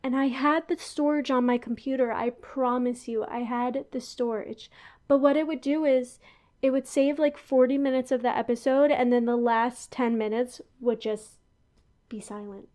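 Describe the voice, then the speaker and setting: A woman's voice: high-pitched, fairly even intonation, moderate pace, darkish tone. A young woman hosting a podcast in a casual, rambling chat, laughing and going off on asides. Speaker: podcast host. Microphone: headphones on, talking into a podcast mic.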